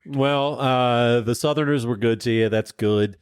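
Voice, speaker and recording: A man's voice: medium pitch, a little slow, clean tone, dry recording, studio quality. Easygoing man with a slight Southern accent. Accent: slight Southern American. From American South. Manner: laughing, easygoing banter. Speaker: podcast host, painter. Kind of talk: casual chat.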